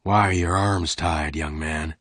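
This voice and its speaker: A man voicing a big, quiet gunman from Texas who speaks slowly and politely. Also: rumbling low, fairly even intonation, breathy edge, no room sound, clean studio sound, full character voice. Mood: calm.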